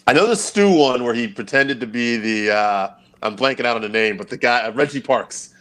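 A man's voice: medium pitch, animated, brisk, fairly bright tone. A man hosting an interview, asking eager, hesitant questions as a fan. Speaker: interviewer host.

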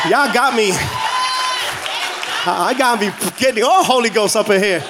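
A man in his forties from New York, a pastor preaching an energetic, joking sermon with shouted declarations. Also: high-pitched, normal speed, pauses often, a little hiss or hum.

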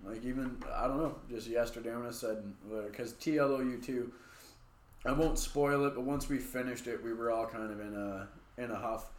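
A man's voice: medium pitch, moderate pace, reverberant. A man co-hosting a podcast, telling long stories in casual, profane chat. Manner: profane, rambling storytelling. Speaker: podcast co-host.

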